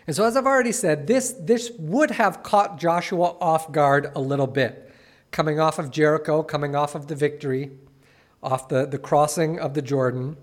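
A man with a high voice preaches a morning sermon. He reads scripture expressively, then drops into casual, conversational asides to the congregation. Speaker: pastor.

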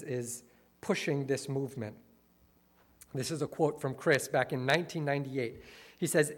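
A man giving an earnest, lecture-style talk, reading quotes aloud and adding wry asides. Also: fairly high pitch. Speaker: speaker critiquing a church movement.

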